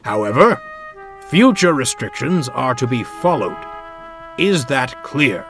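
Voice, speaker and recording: A man voicing a grave, authoritative male railway boss who speaks in a measured way. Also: mid-range voice, big pitch swings, a bit bright, soft background music, full character voice. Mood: stern.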